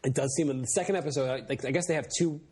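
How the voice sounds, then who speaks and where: Husky-voiced man rambling in casual chat. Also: medium pitch, very fast, a little mellow. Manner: rambling, many fillers, acts out silly voices when retelling scenes. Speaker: podcast co-host.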